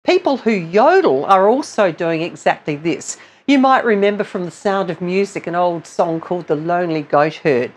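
A woman's voice: on the low side, lively intonation, normal speed, few pauses. A woman vocal coach giving a singing lesson, explaining technique patiently and step by step. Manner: patient, explanatory, demonstrates sounds between explanations.

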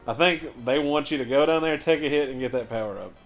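A man's voice: mid-range voice, fast talker. Rambling young man swearing over a game. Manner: rambling, swears a lot, laughs while telling stories. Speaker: let's play co-host. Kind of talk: casual gaming chat.

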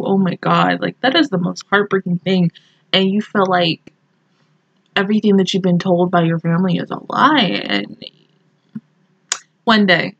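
A woman's voice: mid-range voice, husky, dry recording, muffled recording. Gushing young woman reviewing an episode. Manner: gushing and emotional, many fillers. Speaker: anime reaction host. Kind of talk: casual reaction review.

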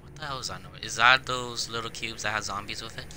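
A young man giving casual, excitable gameplay commentary on his own video, swearing often and jumping between loud outbursts and quiet mumbles. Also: lowish voice, quick pace, slight background noise. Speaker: gaming video creator. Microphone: camera on face while playing.

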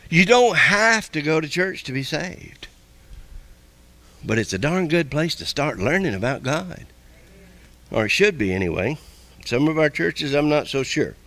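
Give me a male pastor with a bright, slightly high voice, preaching a folksy sermon. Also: dry recording. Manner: folksy, repetitive preaching with quick asides.

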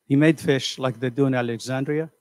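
An older man giving a motivational seminar, animated and conversational, asking the audience questions and acting out voices. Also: mid-range voice, fairly quick, dry recording. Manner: animated, acts out quoted voices. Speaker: seminar speaker. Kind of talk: motivational lecture. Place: community center hall.

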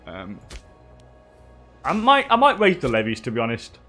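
An English man giving relaxed live commentary on a strategy game, chatting with viewers and laughing often. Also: medium pitch, moderate pace, faint music behind. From England. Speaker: streamer.

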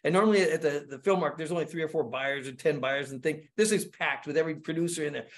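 A man, a guest screenwriter, telling stories in casual podcast talk, animated and full of repeated words and acted-out quotes. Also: a little high, fast talker.

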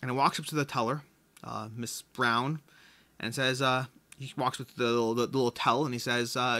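A man's voice: mid-range voice, fairly even intonation, moderate pace, pushed and bright. A man hosting a casual board game video, chatty, telling stories. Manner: chatty, storytelling.

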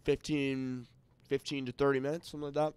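A man hosting a podcast, making quick offhand remarks in casual chat, a little off mic. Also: mid-range voice, flat delivery, a little mellow, clean tone. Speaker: podcast host.

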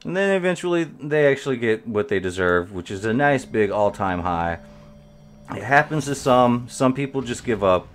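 A man's voice: mid-range voice, lively intonation, moderate pace, slight background noise. A man giving rambling live gameplay commentary as a streamer, talking to his viewers while he plays. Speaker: game streamer.

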